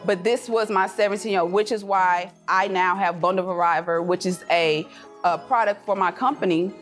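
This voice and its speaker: Before a live audience in an event room, a woman gives a passionate, preachy motivational speech that blends faith with business advice. She is emotional and near tears at times, and she switches into high, laughing voices when quoting her children and herself. Her speed is normal, with faint music behind her.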